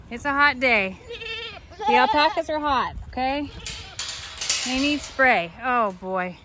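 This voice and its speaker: A woman's voice: high voice, pushed and bright, a little hiss or hum. A woman caring for farm animals, chatting casually for a vlog and talking sweetly to the animals outdoors.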